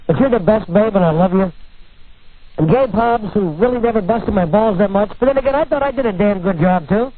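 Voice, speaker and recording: A male talk radio host in his studio, brash and teasing as he rambles on. His voice sits high. The sound is thin and narrow, like a broadcast heard over a phone line. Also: a little fast. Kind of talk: irreverent radio banter.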